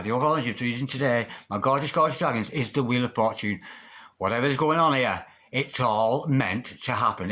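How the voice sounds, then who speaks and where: A man's voice: mid-range voice, fairly bright tone. A man giving a tarot reading in a video, repeating prayer-like invocations and exclaiming over the cards. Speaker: tarot reader.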